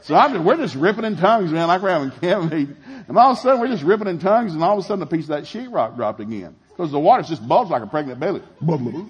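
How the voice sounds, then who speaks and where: Fast-talking husky preacher. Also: male voice, on the high side, lo-fi sound. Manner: animated, shouting in acted-out scenes, laughing. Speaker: pastor. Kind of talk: sermon storytelling.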